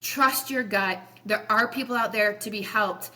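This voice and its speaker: A woman's voice: medium pitch, normal speed, bright, forceful tone. A woman in her forties, a chiropractor guest on a podcast, telling stories in an earnest, passionate, rambling way. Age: 40s. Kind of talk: emotional podcast storytelling.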